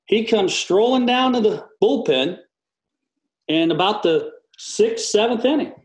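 A man, a former relief pitcher, telling an animated story on a panel, acting out quotes and laughing often. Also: measured pace, echoey room, low-quality recording.

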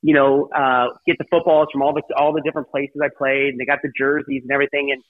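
A man's voice: mid-range voice, flat delivery, fast. A middle-aged man, an interview guest, telling a personal story in a rambling way full of "you know" fillers. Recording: tinny phone-line sound, dry.

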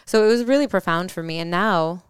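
A woman's voice: lowish voice, brisk, clear, resonant tone, no room sound. A woman in her thirties earnestly telling a personal story on a podcast, reflective, with fillers and restarts. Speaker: podcast co-host.

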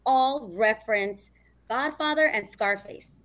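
A woman's voice: a little high, measured pace, fairly bright tone. Upbeat woman podcast co-host. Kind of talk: casual chat.

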